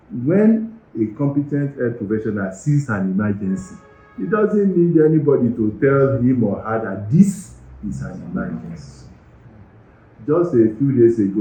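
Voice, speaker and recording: A man's voice: fairly low pitch, dark tone. A middle-aged man with a Nigerian accent, a university medical director giving earnest, emphatic interview answers in an office. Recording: roomy, slightly dull recording.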